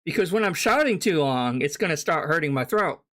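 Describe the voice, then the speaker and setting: A streamer comments on clips in a sarcastic, mocking tone. The voice is mid-pitched, and the commentary swears freely. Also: lively intonation, brisk, a bit bright.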